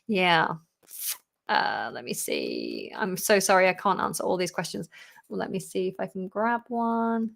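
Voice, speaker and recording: Lady doing a live q&a, chatty and laughy, bit tired, mid pitch. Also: sing-song, a little slow, vocal fry, a bit bright. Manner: chatty, laughs often, reads viewer questions aloud. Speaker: English teacher and channel host.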